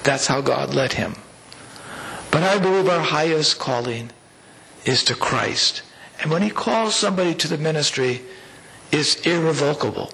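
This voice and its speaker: A middle-aged man preaching a sermon as pastor. He builds phrases with rising emphasis and slows down to a weighty close at the end of lines. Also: fairly high pitch, expressive, gravelly, bright, forceful tone, poor audio. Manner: preaching with swelling emphasis and slow, weighty endings.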